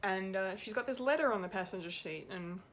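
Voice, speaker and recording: A woman's voice: mid-range voice, brisk, fairly bright tone, a little hiss or hum. Rambling, emotional woman reviewing a show. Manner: rambling, emotional, laughs often, swears. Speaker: pop culture reviewer. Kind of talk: unscripted TV episode review.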